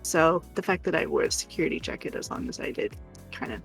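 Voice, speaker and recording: A woman's voice: deep voice, quick pace, creaky, slightly rough, soft background music. A woman streamer telling stories in casual chat and laughing often. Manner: chatty storytelling, laughs often.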